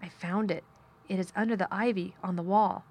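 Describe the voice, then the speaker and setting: A woman's voice: medium pitch, steady tone, fairly quick, a little mellow, slightly rough, lightly acted. A blunt, sour-tempered young girl from a storybook who speaks frankly and plainly, as a woman reads her aloud. She talks in a straightforward, unfussy way.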